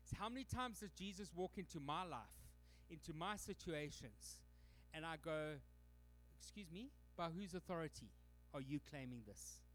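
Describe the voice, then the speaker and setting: Man, Canadian accent, pastor, lively sermon, high voice. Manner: animated preaching, acting out quoted voices.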